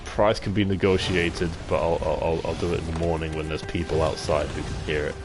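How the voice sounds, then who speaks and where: A young British man with a low, deep voice, reading chat comments on a live stream in an easygoing way. He swears freely and laughs along with his viewers. Music plays clearly behind him. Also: level tone, fairly quick. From Britain. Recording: music playing in the background.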